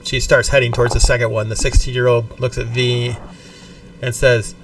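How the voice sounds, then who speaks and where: A man's voice: mid-range voice, little pitch movement, moderate pace, fairly bright tone. A man running a tabletop game as game master, narrating in a casual, profane, descriptive way. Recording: distant mic with faint background noise.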